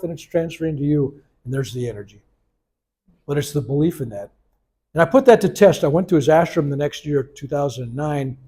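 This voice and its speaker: A man's voice: on the high side, husky. A man in his seventies, a reverend leading a healing workshop, telling stories with animation and acting out the voices he quotes. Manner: animated storyteller who acts out the voices he quotes. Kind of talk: storytelling workshop talk. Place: workshop room.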